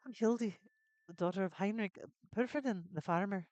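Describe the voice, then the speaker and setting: An earnest young farm girl from a retro adventure game, put on by a streamer, speaks in a vague, wandering foreign accent with simple, halting phrasing. The sound is dry and close, with no room around it. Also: medium pitch, darkish tone, no echo, muffled recording, lightly acted. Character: young farmer's daughter, cheerful and earnest.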